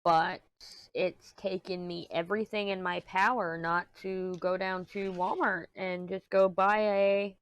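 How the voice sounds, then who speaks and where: Alone in a small room at home, a crafting vlogger rambles and vents in a fairly low voice, clearly agitated and frustrated. She speaks a little slowly with little pitch movement and few pauses. Her tone is clean, and the close, dry recording has no room echo.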